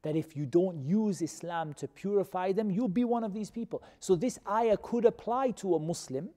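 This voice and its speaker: A man teaching a Quran commentary class, who questions his students and repeats key terms slowly. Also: sits high, mellow. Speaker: religious teacher. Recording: long reverb of a hall.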